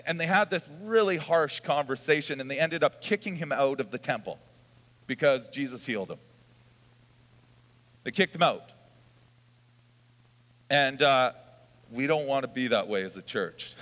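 A man's voice: mid-range voice, a bit bright. Man preaching in a reverberant hall. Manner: casual storytelling with chuckles and restarts. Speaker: pastor. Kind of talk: sermon with scripture reading. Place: church hall.

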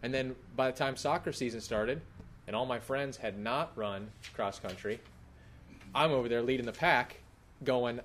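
A man's voice: medium pitch, normal speed, a little hiss or hum. A man in his thirties preaching a sermon, talking casually and asking the congregation questions. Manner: conversational, animated, asks the congregation questions. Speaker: pastor. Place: church hall.

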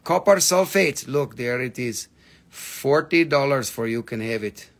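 The host of a rock and mineral livestream sale speaks at a measured pace with lively intonation in a mid-range voice. He's chatty and jokey, swears casually, and teases the people watching.

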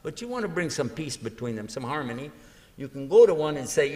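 In a large university lecture hall with long reverb, an Islamic preacher delivers a lively religious lecture, acting out small dialogues and quizzing his audience. His voice is a little high and a little mellow, very animated and fairly quick.

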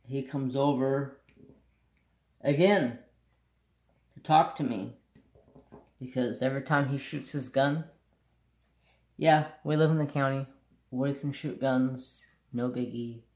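A man's voice: mid-range voice, steady tone, takes it slowly, long pauses, echoey room. A man hosting a craft channel, telling a country story bluntly and saltily in casual chat. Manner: blunt, salty rural storyteller.

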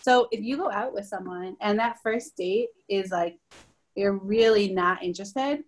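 A woman's voice: mid-range voice, measured pace. Chatty woman who laughs often. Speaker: podcast co-host, dating coach. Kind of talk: casual conversation.

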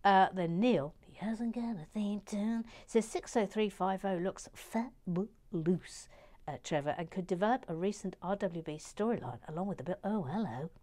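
A woman hosting a relaxed building stream, chatting softly and playfully while reading out viewer comments, often dropping to a murmur or whisper. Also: mid-range voice, moderate pace. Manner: soft-spoken, drifting between murmurs and whispers, gently playful. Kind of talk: casual chat while building.

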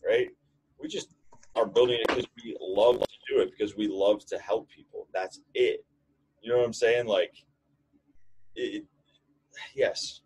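A man's voice: fairly low pitch, darkish tone, husky, low-quality recording. A man co-hosting a podcast, talking in an emphatic, fired-up, motivational way. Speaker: podcast co-host. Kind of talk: casual chat.

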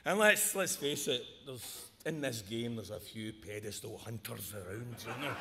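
A man's voice: medium pitch, a little slow. Guy presenting an award, jokey and rambly, big echoey hall, crowd murmur and noise behind. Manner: joking, rambling with repeated restarts. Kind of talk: humorous awards speech. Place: large ceremony hall with audience.

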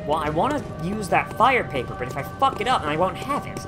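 A man's voice: sits high, sing-song, fast talker, music in the background. A man streaming a video game, talking casually with sarcastic jokes, heavy swearing and frustrated outbursts. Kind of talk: casual gameplay commentary.

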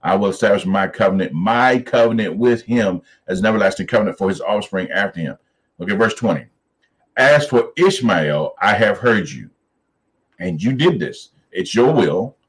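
A man leading a Bible study, reading scripture aloud slowly and then riffing on it in a lively, preacherly way. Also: lowish voice, poor audio.

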